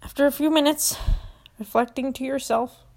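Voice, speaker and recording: A woman's voice: high-pitched, steady tone, moderate pace, creaky, a little mellow. A young woman hosting a podcast, earnestly guiding listeners through a self-help exercise and getting emotional at times. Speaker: podcast host.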